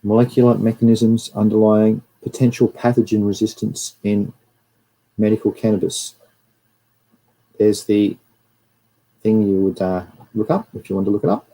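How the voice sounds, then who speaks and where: Husky, dark-voiced Australian man. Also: fairly low pitch, fairly even intonation, moderate pace, long pauses, low-quality recording. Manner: chatty, rambling, greets viewers between slides. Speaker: livestream host. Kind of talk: casual livestream lecture.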